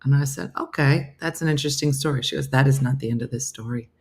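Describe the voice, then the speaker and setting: Low-pitched woman, middle-aged, chatty comedian host, storytelling. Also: fast. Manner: chatty storyteller, quoting others in lively voices. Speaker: comedian hosting a live morning show. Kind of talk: casual chat reading viewer comments.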